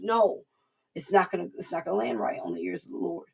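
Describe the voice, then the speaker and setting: Lady preacher, gravelly kinda rough voice, earnest, says things twice. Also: on the low side, fast, darkish tone. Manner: earnest, repetitive, conversational. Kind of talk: informal devotional sermon.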